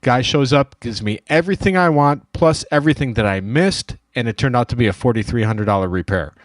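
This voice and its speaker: A man's voice: mid-range voice, fairly quick, dry recording, clean studio sound. A man who runs a dent repair shop, telling a story in casual shop talk and acting out the dialogue. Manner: storytelling, acts out quoted dialogue. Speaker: dent repair shop owner, show host.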